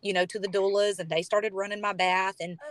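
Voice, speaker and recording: A young woman telling a personal story as a podcast guest, chatty and animated with lots of fillers. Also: medium pitch, fairly quick, no echo. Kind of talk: casual storytelling.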